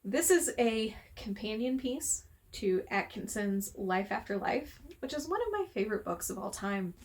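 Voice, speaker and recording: A woman's voice: mid-range voice, big pitch swings, normal speed. Heated woman ranting about a book. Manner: heated and exasperated, swears freely. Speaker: book reviewer. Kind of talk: casual vlog rant. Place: room at home with window open.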